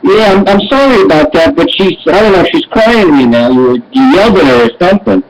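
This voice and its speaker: A man calling in to a radio show, halting and stammering as he talks. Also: high-pitched, expressive, a little hiss or hum, rough recording. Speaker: caller. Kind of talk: phone call-in.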